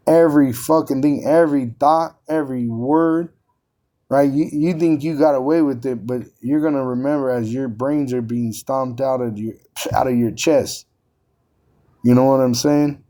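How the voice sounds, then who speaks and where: A man's voice: mid-range voice, moderate pace, dark tone. A man preaching and teaching from scripture, combative and profane, often repeating words as he drives his points home.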